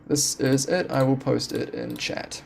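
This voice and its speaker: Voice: mid-range voice, a little slow, gravelly, music in the background. Rambling, chuckling game streamer. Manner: rambling, laughing, self-deprecating. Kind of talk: casual live-stream chat. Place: home room.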